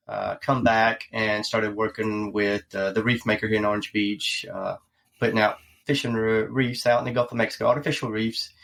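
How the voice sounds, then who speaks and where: A man, a tour boat captain answering interview questions in an earnest, measured way. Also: on the low side, creaky, a bit bright.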